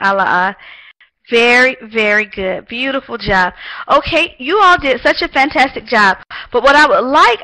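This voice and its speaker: A woman's voice: high voice, pushed and bright, poor audio. A woman teaching an online English class, heaping praise on her students and calling on them by name. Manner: encouraging, lots of praise.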